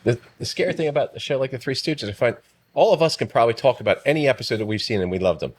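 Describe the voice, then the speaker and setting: A man's voice: mid-range voice, racing. A man in his fifties co-hosting a podcast, telling teasing stories in a casual chat. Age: 50s. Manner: animated storyteller, teasing. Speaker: podcast co-host.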